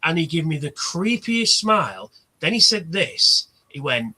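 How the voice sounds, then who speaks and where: This is a man telling stories on a casual livestream. His voice sits a touch high, bright and husky. He acts out the quoted lines as he talks. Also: very animated, moderate pace, hardly any pauses. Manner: chatty storyteller, acts out quoted exchanges. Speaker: livestream host. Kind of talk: casual chat.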